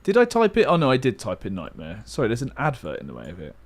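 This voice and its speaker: Animated man hyping a live stream. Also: medium pitch, fast. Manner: hyped play-by-play, like a sports commentator. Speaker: livestreamer. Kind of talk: live game commentary with chat.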